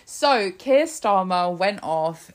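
A woman's voice: mid-range voice, animated, takes it slowly. A woman hosting a political podcast in casual, sarcastic commentary, swearing freely and laughing at her own tangents.

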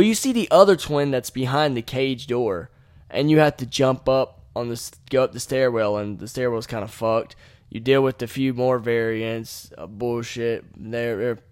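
A man's voice: mid-range voice, clear, resonant tone. A man hosting a podcast, recapping a video game in a casual, rambling way, full of swearing and loose slang. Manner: acts out his own exclamations with sudden loud shouts. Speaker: podcast host.

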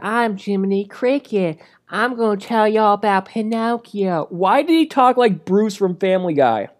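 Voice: mid-range voice, a little mellow. A movie reviewer delivering a comedic rant in a sarcastic, crude and exasperated way.

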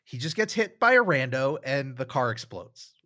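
A man's voice: medium pitch, big pitch swings, normal speed, sharp tone, no echo, studio quality. A man co-hosting a podcast, talking through a film in a casual, thoughtful, rambling way with many fillers. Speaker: podcast co-host.

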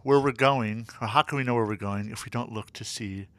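A man co-hosts a teaching podcast in a friendly, easygoing way and laughs readily. His voice sits fairly low but sounds bright and clear. The recording is dry, with no room sound. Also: fairly even intonation, fast talker, no echo. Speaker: podcast co-host, music teacher. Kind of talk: casual educational podcast chat.

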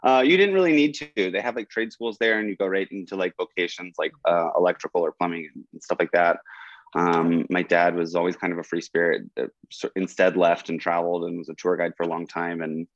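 Podcast guest: a low-voiced man, rambly and thoughtful, dull and dry sound. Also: fairly even intonation, brisk, no echo. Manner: rambling, reflective, full of "like" and "um". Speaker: college teacher. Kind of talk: casual conversation. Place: in Oklahoma.

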